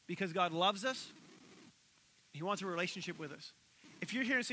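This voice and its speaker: A man preaching a sermon as pastor, telling stories with animated acted-out voices and leading an altar call. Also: a little high, fast, slight background noise, poor audio. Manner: animated storytelling, acting out quoted voices.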